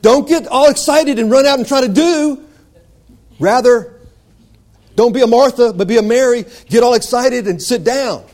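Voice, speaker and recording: Male preacher, high voice, fervent sermon, repeats phrases, builds to shouts. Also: normal speed.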